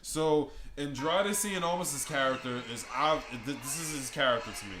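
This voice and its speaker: A man co-hosting a casual wrestling chat, jokey and animated, often slipping into quick impressions. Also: on the high side. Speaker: podcast co-host. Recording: echoey room with faint background noise.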